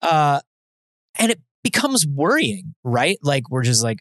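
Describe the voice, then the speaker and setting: Man, slightly high voice, dry close mic. Casual podcast co-host, chatty and self-deprecating. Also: big pitch swings, measured pace, a bit bright, no room sound. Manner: chatty, self-deprecating, explains science news. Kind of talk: casual chat.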